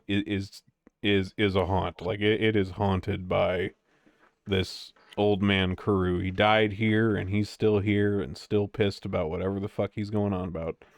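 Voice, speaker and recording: A man's voice: lowish voice, no echo. A man narrating as game master of a tabletop game, rambling with lots of fillers.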